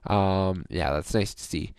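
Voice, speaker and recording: A man hosting a gaming channel, chatting casually as he plays a hockey game, thinking aloud with fillers and bursts of excitement. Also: low-pitched, measured pace, clear, resonant tone, no room sound, clean studio sound. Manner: chatty, cheers on his team, bursts of excitement. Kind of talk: casual let's-play commentary.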